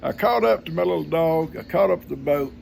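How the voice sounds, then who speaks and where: A man's voice: a little high, animated, fairly quick, vocal fry, a little mellow, a little hiss or hum. An older man, telling a family story in a folksy, homespun way. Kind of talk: casual storytelling.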